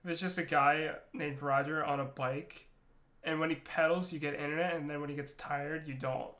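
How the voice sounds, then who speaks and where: A man's voice: on the high side, steady tone, normal speed, pushed and bright. A man joking around in a casual podcast chat over an online call. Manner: wisecracking, laughs often. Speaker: podcast co-host.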